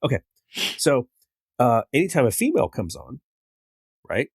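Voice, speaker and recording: A man's voice: mid-range voice, sing-song, normal speed, husky, dry recording, studio quality. A man co-hosting a podcast in casual chat, swearing and ranting with mock indignation. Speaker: podcast co-host.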